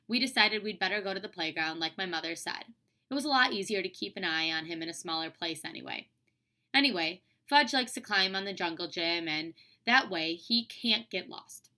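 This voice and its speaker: Bright woman reading a children's book. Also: medium pitch. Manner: expressive storytelling. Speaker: teacher.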